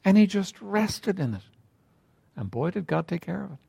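A man preaching a sermon in a conversational way, asking rhetorical questions and often clearing his throat. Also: high-pitched, expressive, moderate pace, mellow.

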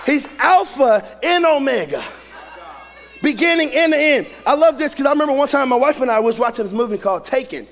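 Man, preacher, very high voice, animated pitch, shouting sermon. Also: fairly quick. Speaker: pastor.

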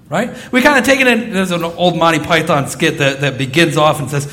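A man preaching a sermon as pastor, telling stories with lively, acted-out quotes. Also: on the high side, a little fast, few pauses. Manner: animated storytelling, acting out quoted voices.

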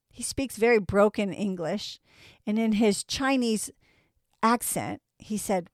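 A woman delivers a sermon with earnest conviction, pressing her listeners with rhetorical questions. Her voice sits at an ordinary middle pitch. The sound is dry and close, with no room echo. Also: moderate pace. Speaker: preacher.

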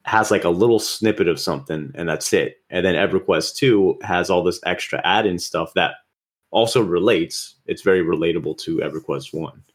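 A man with a very low voice co-hosts a casual gaming podcast. He talks in a relaxed, explanatory way. He lists details at a measured pace. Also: husky. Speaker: podcast co-host.

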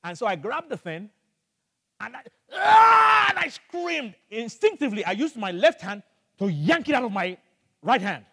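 An older man from Nigeria preaching a sermon as pastor, telling a story with animated energy and bursts of shouting. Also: high-pitched, moderate pace, creaky, breathy edge, long reverb tail. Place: church hall.

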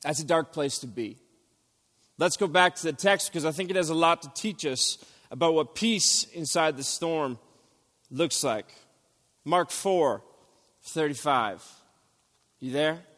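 A man in his thirties preaching a sermon, telling stories with animated delivery and sudden loud outbursts. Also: fairly high pitch, unhurried, pauses often, in a large hall. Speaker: pastor.

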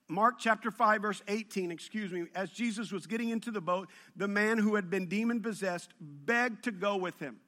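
A man preaching with a high, bright voice. He tells the story with humor, and his delivery keeps building in intensity as he goes. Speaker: pastor. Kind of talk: sermon.

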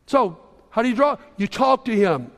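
High-voiced pastor preaching. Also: male voice, sing-song, normal speed, fairly bright tone. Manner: conversational preaching, acts out quoted voices. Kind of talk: sermon. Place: church sanctuary. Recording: reverberant church hall.

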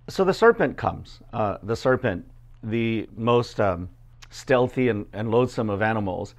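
A man preaching a sermon, first reading scripture aloud, then explaining it in a loose, conversational way full of fillers and quick asides. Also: fairly low pitch, lively intonation, lo-fi sound. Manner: conversational, many fillers, acts out quoted voices. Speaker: pastor.

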